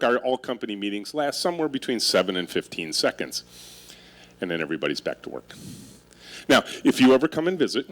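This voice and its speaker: A middle-aged man delivers a keynote to a live audience, his pitch leaping up and down as he tells stories. He speaks at a medium pitch with wry, self-mocking humor and keeps pulling the crowd in with questions. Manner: animated storytelling with audience interaction. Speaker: keynote speaker and company leader. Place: stage before a live audience.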